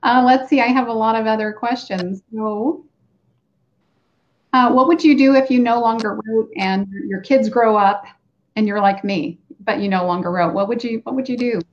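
A woman hosting a casual interview, chatty and giving quick back-channel responses. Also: fairly high pitch. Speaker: host. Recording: dull, muffled sound.

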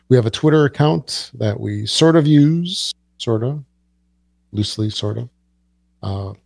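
A man's voice: on the low side, creaky, no room sound. A man co-hosting a casual podcast, giving listener info and joking with dry sarcasm. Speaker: podcast co-host. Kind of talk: casual chat.

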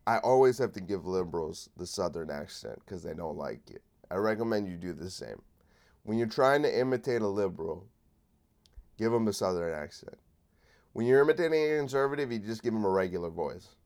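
A man's voice: on the low side, animated, a little fast, a little mellow. Sick man ranting sardonically. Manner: rambling, profane, sardonic. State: sick with a cold. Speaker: podcast host. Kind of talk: solo comedic political rant.

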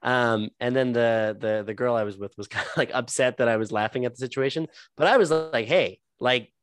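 A man co-hosting a podcast, telling a story in animated casual chat with lots of fillers and swearing. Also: medium pitch, brisk, clear, resonant tone, no room sound. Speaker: podcast co-host.

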